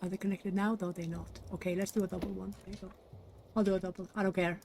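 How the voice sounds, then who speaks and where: A woman's voice: medium pitch, flat delivery, quick pace, a little mellow, faint music behind. A young woman hosting a game play-through, chatting casually and muttering to herself as she builds. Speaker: gaming channel host. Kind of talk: casual let's-play commentary.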